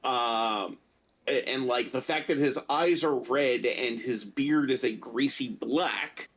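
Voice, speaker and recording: Man, gravelly fry, halting, lots of ums. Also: mid-range voice, a bit bright. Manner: halting, many fillers. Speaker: discussion participant. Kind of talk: casual live discussion.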